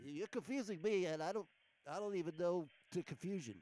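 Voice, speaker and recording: A man's voice: high-pitched, a little fast, dark tone, voice pushed up, natural voice. A man voicing a flustered, easily confused male producer who whines and gets defensive.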